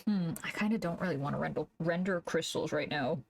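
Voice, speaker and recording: A woman streamer chatting casually while she draws, thinking aloud, humming to herself and laughing softly, into a desk microphone. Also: deep voice, fairly quick, vocal fry, slight background noise. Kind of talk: casual live-stream chat while drawing.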